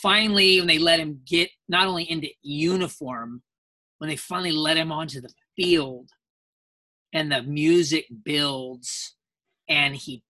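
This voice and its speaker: Brief: male voice actor guest on a panel, bright, forward tone, dry close mic, chatty animated storyteller. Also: on the high side, a little slow, dry recording. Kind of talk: casual panel interview.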